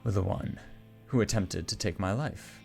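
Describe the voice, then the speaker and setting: A man voicing a stern middle-aged female councilwoman who speaks in a commanding, measured way. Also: low-pitched, creaky, a little mellow, slightly rough, soft background music, heavily acted.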